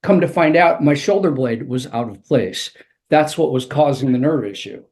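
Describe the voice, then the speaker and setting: A man's voice: mid-range voice, lively intonation, moderate pace, a little mellow. A man, an author and executive coach, telling a vivid personal story as a guest in an interview.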